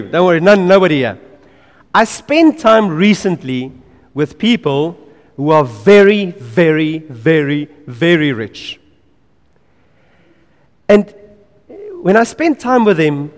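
A man preaching a sermon in an earnest, emphatic way. He repeats key phrases and drops to quiet asides. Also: sits high, in a large hall.

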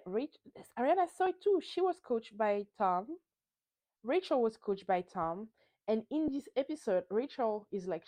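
A woman's voice: mid-range voice, mellow, dry recording. A woman hosting a podcast, recapping reality TV in a casual, emphatic way and swearing freely. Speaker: podcast host.

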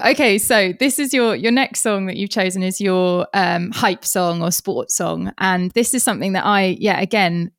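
A woman's voice: lowish voice, dry recording, studio quality. A young woman hosting an interview, speaking reflectively and chattily with many fillers. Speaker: interview host. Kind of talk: conversational interview.

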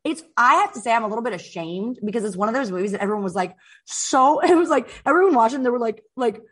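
A woman hosting a podcast in casual chat, telling stories in an animated way, with lots of "like" and swearing. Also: fairly high pitch, fast, breathy edge. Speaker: podcast host.

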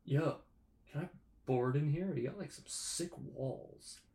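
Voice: mid-range voice, measured pace, vocal fry, warm tone. A performer in an improvised comedy sketch, talking loosely and rambling with casual slang.

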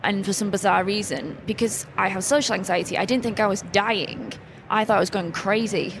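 A woman's voice: mid-range voice, a little fast, creaky. A woman, a guest in a casual podcast chat, talking candidly and with self-deprecating humour. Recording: noisy background hiss.

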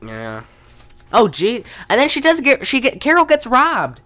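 A woman's voice: fairly high pitch, huge pitch swings, a little slow, a bit bright. A young woman recapping a movie in casual chat, rambling and profane, acting out the characters' lines. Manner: rambling, profane, acts out quotes.

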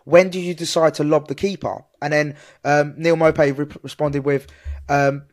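A man's voice: a little high, fairly even intonation. A man co-hosting a football podcast, chatting eagerly with lots of restarts. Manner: eager, quick, many restarts. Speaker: podcast co-host. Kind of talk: casual football chat.

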